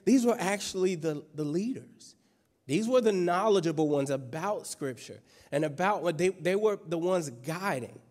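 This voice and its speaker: Pastor guy preaching, kinda high voice, loose and joking, lots of questions, big church echo. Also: animated, normal speed, a little mellow. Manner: conversational, playful preaching with rhetorical questions. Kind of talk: sermon. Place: church sanctuary. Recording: long church hall reverb.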